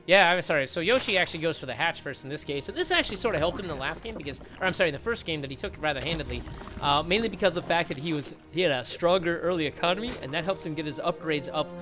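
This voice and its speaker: A man's voice: on the high side, lively intonation, racing, over music. A man casually commentating a video game match on a live stream, joking and rambling, with "like" in every line. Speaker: esports commentator.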